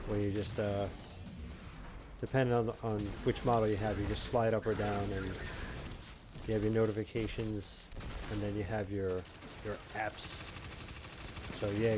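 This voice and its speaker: A man in his thirties chatting casually and rambling with jokes while he live-streams a game, now and then breaking into loud mocking shouts. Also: lowish voice, level tone, normal speed, long pauses, noisy background. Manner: rambling, jokey, shouts in bursts when mocking. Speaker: gaming streamer. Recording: game gunfire audible in background. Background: game gunfire and explosions.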